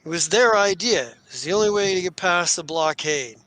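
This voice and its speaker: A man voicing a calm, matter-of-fact smuggler captain in a tabletop game. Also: high-pitched, normal speed.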